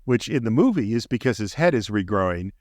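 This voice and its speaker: A man's voice: fairly low pitch, sing-song, brisk, darkish tone, no room sound. A middle-aged man co-hosting a podcast, enthusiastically recapping a movie scene by scene in casual chat. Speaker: podcast co-host. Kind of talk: casual film discussion.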